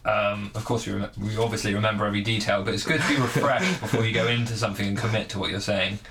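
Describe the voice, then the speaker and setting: A man's voice: lowish voice, fairly even intonation, fast talker, noisy background. A man, co-hosting a podcast, teasing his partner in casual banter and swearing lightly. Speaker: podcast co-host.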